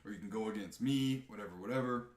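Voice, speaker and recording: A man on a live podcast, chatting casually in a profane, animated rant. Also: fairly low pitch, quick pace, reverberant. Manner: animated, profane ranting with mocking impressions. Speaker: podcast co-host.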